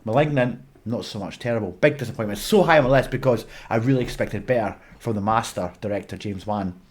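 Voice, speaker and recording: A man's voice: lowish voice, fast talker. A Scottish man ranting bluntly in a film review vlog, swearing and exasperated. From Scotland. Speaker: movie reviewer.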